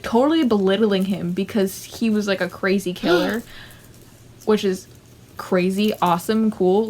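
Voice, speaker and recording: A young woman vlogging casually, chatty and animated, full of fillers and side remarks. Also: medium pitch. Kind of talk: casual ranking vlog.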